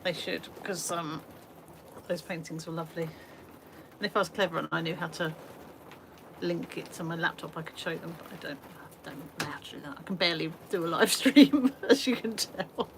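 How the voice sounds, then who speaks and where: An Englishwoman with a low-sitting voice hosts an art livestream from a small shed studio at a moderate pace. She chats casually and self-deprecatingly, rambling with fillers, over faint background noise.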